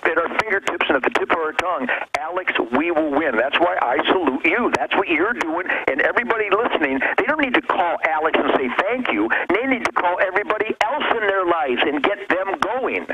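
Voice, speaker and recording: A man phoning into a talk show, his fervent, preachy delivery swinging from low rumbles to high peaks. His fairly high voice comes through a dull, muffled phone line with clear hiss behind it. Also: expressive, a little fast, hardly any pauses. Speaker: caller-in guest. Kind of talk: fervent call-in commentary. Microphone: telephone.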